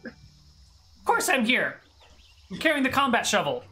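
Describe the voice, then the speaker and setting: A woman's voice: a little high, very animated, unhurried, bright, forceful tone, faint music behind, heavily acted. A woman voicing a small, harmless boy who speaks up indignantly in a tabletop game.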